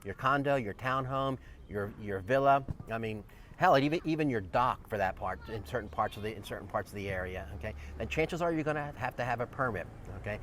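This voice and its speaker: A man's voice: mid-range voice, expressive, a little fast, fairly bright tone, slight background noise. A man hosting a real estate video, talking emphatically to the viewer and checking in with "okay?" after his points. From lived in northeast Georgia. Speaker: real estate agent and channel host. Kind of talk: casual chat to camera.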